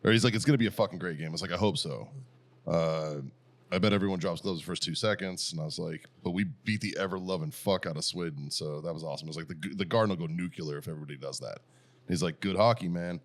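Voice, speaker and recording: A man's voice: low-pitched, fast talker. A man, co-hosting a podcast in casual chat, telling a story with lots of swearing and laughter. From Boston area. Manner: profane storytelling, retelling texts with laughter. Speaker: podcast co-host.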